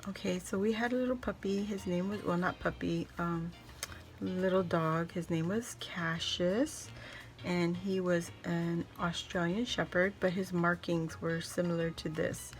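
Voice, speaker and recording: A woman hosting a casual unboxing vlog, gushing and excitable, with many exclamations as she opens mail. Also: on the low side, measured pace, faint music behind. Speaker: crafting channel host.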